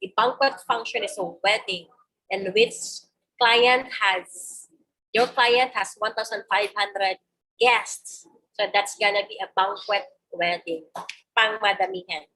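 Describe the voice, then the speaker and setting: A woman's voice: mid-range voice, steady tone, a little slow, sharp tone, poor audio. A middle-aged woman with a Filipino accent giving an online webinar lecture, explaining patiently and checking in with a frequent "no?". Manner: explanatory, frequent tag "no?", restarts and mixes in Tagalog. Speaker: university lecturer.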